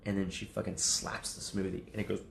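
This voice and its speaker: A man's voice: deep voice, level tone, a little fast, creaky, fairly bright tone, echoey room, a little hiss or hum. A man livestreaming casual chat to his viewers, rambling and swearing, often laughing. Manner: rambling, profane, laughs a lot.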